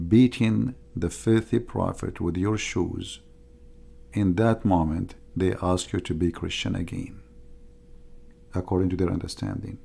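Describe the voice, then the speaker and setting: A man's voice: lowish voice, creaky, darkish tone, breathy edge. A middle-aged man giving an emphatic, repetitive livestream monologue as a religious debater, in non-native grammar.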